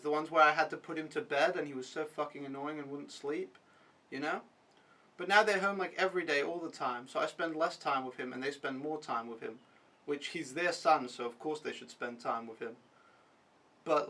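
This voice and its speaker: A man's voice: on the high side, bright, forceful tone, distant mic, poor audio. A young man recapping his week as an au pair in a casual vlog, talking frankly and swearing freely. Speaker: au pair vlogger.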